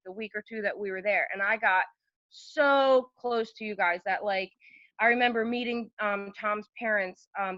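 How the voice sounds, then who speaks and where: A woman's voice: mid-range voice, pushed and bright, no echo, highs cut off. A woman in her thirties, a podcast guest chatting and telling long stories with fillers and laughs. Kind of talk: casual storytelling chat.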